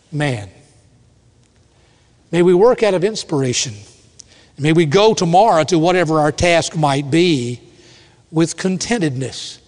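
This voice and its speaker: Slow, measured male preacher in an echoey hall. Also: on the high side. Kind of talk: sermon.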